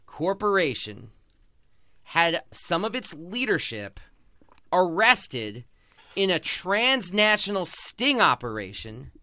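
A man's voice: on the high side, sharp tone, clear, resonant tone, no room sound. A man hosting a podcast, giving passionate, sarcastic sports commentary. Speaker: podcast host.

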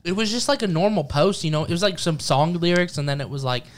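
Animated profane young man telling a story. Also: a little high, fast. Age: young adult. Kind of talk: casual storytelling chat.

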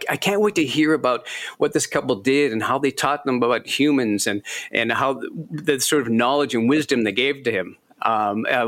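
A man, an author being interviewed, telling stories in a lively, self-deprecating way and laughing often. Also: medium pitch. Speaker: author guest. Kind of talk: casual interview chat.

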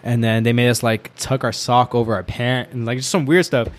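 A young man with a voice at a middling pitch tells a long story in a loose, casual way. He piles up fillers and restarts and breaks into laughter as he goes. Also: steady tone, fairly quick. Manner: rambling, filler-heavy, laughs while telling.

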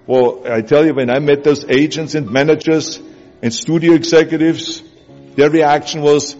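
A motivational speaker with a German accent delivers an emphatic speech, using repetition to build his points. His voice is fairly high and darkish, steady in tone and moderately paced. The recording is from an echoey hall, with dull sound and music in the background.

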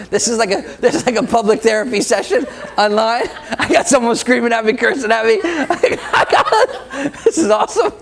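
Male preacher, very high voice, a gravelly edge, laughs a lot, playful with the congregation. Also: lively intonation, normal speed. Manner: laughs often, jokes with the congregation. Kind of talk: sermon.

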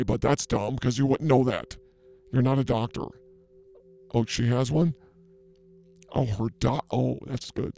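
A mellow, medium-pitched male voice with vocal fry belongs to a comedy show host. In a sketch he plays a brash, flirty fake psychic healer, rambling through crude banter.

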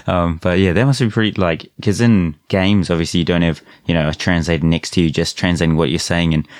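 A man hosts a podcast in an easygoing, slightly hesitant way, scattering "um" and "uh" through his questions. His voice is very deep, and the recording is dry and close with little room sound. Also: fairly even intonation, a little fast, no room sound. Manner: easygoing, hesitant with many "um" and "uh" fillers. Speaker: podcast host and translator. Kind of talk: casual chat.

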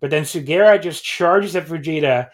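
A man's voice: a little high, normal speed. A man casually reviewing wrestling shows on a podcast, rambling with lots of fillers and little chuckles.

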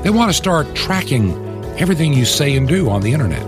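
A man's voice: on the high side, big pitch swings, quick pace. A male radio host making an earnest appeal to listeners, repeating contact details carefully. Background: music bed underneath.

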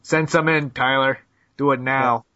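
A man's voice: medium pitch, fairly even intonation, measured pace, pushed and bright. An American man hosts a casual podcast chat, reading out listener questions in a blunt, teasing way and laughing often. His voice sits in an ordinary middle range. The recording sounds dull and lo-fi. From United States. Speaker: podcast host.

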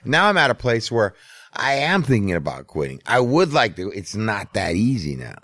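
A man's voice: lowish voice, sing-song, normal speed, fairly bright tone, no room sound. Profane laid-back man telling stories. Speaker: podcast host. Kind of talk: casual storytelling chat.

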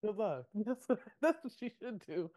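A young adult woman co-hosts a podcast, recapping a show in casual chat. Her voice sits at medium pitch and moves at a normal speed, and she's animated, acting out quotes with laughter.

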